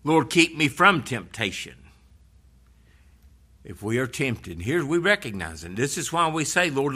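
A man's voice: medium pitch, sharp tone. A man preaching a sermon in an earnest, conversational way, retelling scripture stories.

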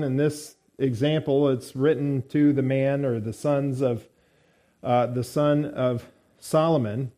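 A male preacher delivers a morning sermon at an unhurried pace. His voice is warm and mellow, and he pauses often and fills gaps as he works through his points. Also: medium pitch, steady tone. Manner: measured, halting delivery with fillers.

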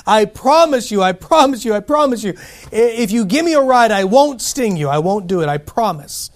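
A man's voice: high-pitched, expressive, moderate pace. A man voicing a sly male scorpion who begs for a ride and then shrugs off his sting, told as a fable within a sermon. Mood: pleading. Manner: pleading, then casually unapologetic.

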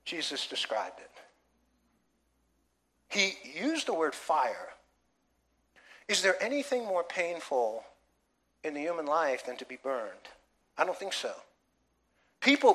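Bright-voiced preacher man. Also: high-pitched. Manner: emphatic preaching with rhetorical questions. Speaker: pastor. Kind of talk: sermon. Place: church.

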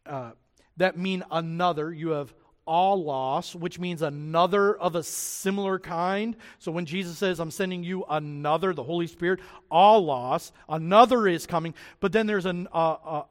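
In a church sanctuary with big-room sound, a pastor with a high voice preaches a sermon in an animated, lively way, acting out the voices of the people he quotes.

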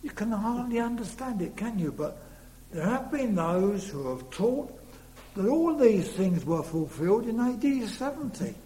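A man's voice: high-pitched, big pitch swings, unhurried, warm tone. A man preaching a sermon earnestly, leaning hard on key words. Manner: earnest, rising to emphatic stresses. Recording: long reverb in a hall, faint hum.

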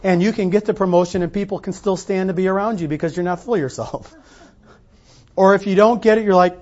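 Lively preaching man, muffled recording. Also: high voice, fast talker. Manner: conversational preaching with acted-out quotes. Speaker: pastor. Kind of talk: sermon. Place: church sanctuary.

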